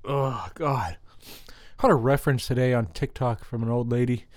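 A man's voice: mid-range voice, normal speed, a little mellow, no echo. A man rambling through a crude, profane solo monologue into a close microphone.

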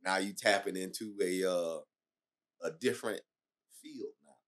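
Deep-voiced man rambling through a question. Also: measured pace, fairly bright tone. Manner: rambling, hesitant questions with many restarts. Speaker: podcast host. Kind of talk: casual interview talk.

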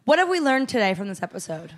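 A woman's voice: fairly high pitch, very animated. Teasing woman co-host, casual chat. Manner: teasing, quick interjections, stumbles over words.

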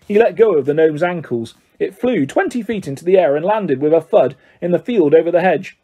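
A man's voice: fairly high pitch, fairly quick, few pauses, slightly rough. Man reading a storybook aloud. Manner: expressive, animated reading. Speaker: audiobook narrator. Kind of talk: scripted narration.

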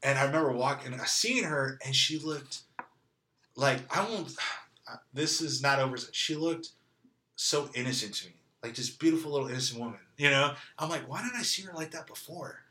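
A man's voice: mid-range voice, moderate pace, echoey room, a little hiss or hum. A man from California casually telling a personal story, laughing often and acting out what people said. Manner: animated, laughing, acts out quoted lines. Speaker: guest telling his story.

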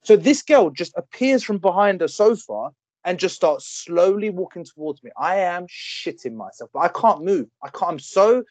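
A man in his thirties telling a story on a casual podcast, animated and swearing freely. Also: high voice, moderate pace, dry recording. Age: 30s. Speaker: podcast co-host. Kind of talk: casual chat.

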